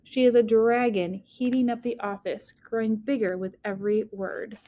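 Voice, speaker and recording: A woman narrating a first-person audiobook in an expressive reading that speeds and slows with the story. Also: on the high side, no room sound, muffled recording. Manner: expressive, shifting pace with the story.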